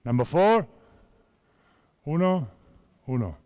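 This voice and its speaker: A man in his fifties from Spain, a basketball coach speaking halting English with a Spanish accent as he directs players through drills at a clinic. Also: fairly high pitch, sing-song, dark tone. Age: 50s. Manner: halting non-native English, repeats phrases, directs players.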